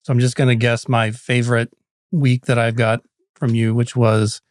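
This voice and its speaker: A man's voice: mid-range voice, flat delivery, normal speed, darkish tone, dry recording. A man appearing as a guest on a comic podcast, talking in a hesitant, good-natured way from a studio. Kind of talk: casual chat. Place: radio studio.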